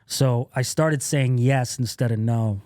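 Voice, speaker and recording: A man's voice: mid-range voice, unhurried, a little mellow, no echo, studio quality. A man who is a comedian, guest on a podcast, telling stories in casual talk, laughing often and acting out what others said. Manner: laughs often while telling stories, acts out quoted lines.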